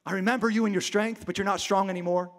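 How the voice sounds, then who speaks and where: A man's voice: high-pitched, steady tone, fast, a bit bright. A man preaching a dramatic sermon to a congregation, acting out the story in different voices and building to passionate peaks. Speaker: pastor. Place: church hall with a live congregation.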